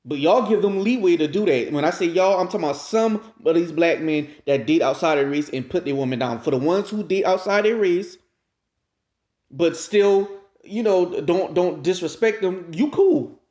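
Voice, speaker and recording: A man's voice: high-pitched, lively intonation, normal speed, a little mellow. A man hosting his own commentary video, ranting emphatically and talking straight to his viewers. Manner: addresses viewers directly. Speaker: commentary channel host. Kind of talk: casual reaction commentary. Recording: roomy, dull lo-fi sound.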